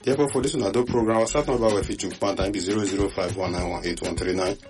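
A man with a Nigerian accent hosting a radio talk show in animated, chatty Pidgin-laced English. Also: on the low side, quick pace, faint music behind. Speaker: radio host. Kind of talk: casual chat.

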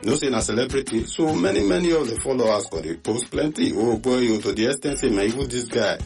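Animated Nigerian man hosting a radio show. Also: medium pitch, fast, creaky, soft background music. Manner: animated, repetitive, mixes pidgin with English. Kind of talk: call-in radio gist chat.

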